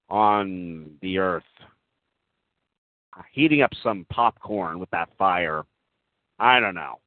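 A man with a lowish voice plays a gentle, overly earnest character for an online chat. His talk is soft and full of giggles and ums. It comes through a tinny, phone-like line with a dry sound. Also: no echo. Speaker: comic prankster addressing an online group chat. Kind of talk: comedic earnest role-play.

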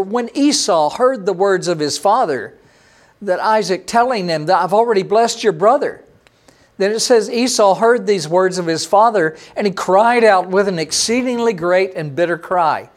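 Male pastor, high pitch; preaches from scripture, lifting verses and softening for commentary. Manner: reads verses aloud with lifted emphasis, then drops to quiet commentary. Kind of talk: sermon reading and explaining scripture. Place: online church service.

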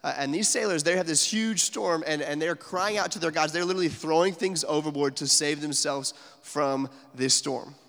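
A man's voice: a little high, moderate pace, hardly any pauses, fairly bright tone, long reverb tail. A man preaching a sermon in a casual, conversational way, full of fillers, sometimes dropping almost to a whisper for emphasis. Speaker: pastor.

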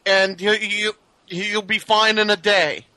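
A man's voice: high voice, fairly even intonation, slow pace, sharp tone, no echo. A man co-hosting a podcast, sarcastic and exasperated. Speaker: podcast co-host. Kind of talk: casual chat.

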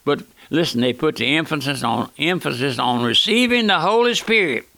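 An older man preaches on the radio in a gravelly, fairly high voice. He is folksy and keeps turning to the listener as a friend. The sound is close and dry. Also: lively intonation, moderate pace, bright, forceful tone, no echo. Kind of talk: radio sermon.

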